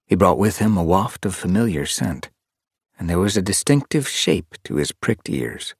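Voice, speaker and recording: A male audiobook narrator with a fairly low voice tells the story in a lively, expressive manner. He sounds close to a studio mic, and the recording is dry. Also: normal speed, slightly rough, no echo. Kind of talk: scripted narration.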